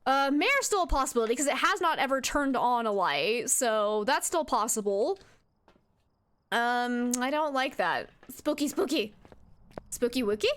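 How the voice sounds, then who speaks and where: A woman's voice: fairly high pitch, lively intonation, a little slow, a bit bright, clear, resonant tone. A young woman streaming a horror game, chatting to her viewers and talking back to the ghost with jumpy outbursts. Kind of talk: live game commentary.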